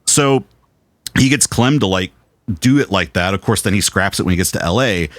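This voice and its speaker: Man, podcast co-host, lowish voice, lively storyteller, casual swearing, dry studio mic. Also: moderate pace, no room sound. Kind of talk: casual film chat.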